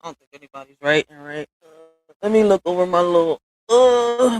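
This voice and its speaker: On a home live stream, a woman whose voice is on the low side delivers a blunt, casual rant to her viewers, full of profanity and slang asides. The audio has no echo and comes through streaming software.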